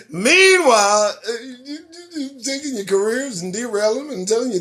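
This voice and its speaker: A man hosting a live stream, reading news headlines aloud and ranting about them in a sarcastic, profane, animated way. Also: extremely high pitch, normal speed. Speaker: host. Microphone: phone or webcam on a live stream.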